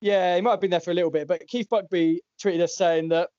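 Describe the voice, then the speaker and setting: A man's voice: high-pitched, fairly even intonation, fast talker, a little mellow, no echo. A man hosting a casual chat, wry and rambling, often correcting himself. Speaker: podcast host. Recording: dull lo-fi, dry.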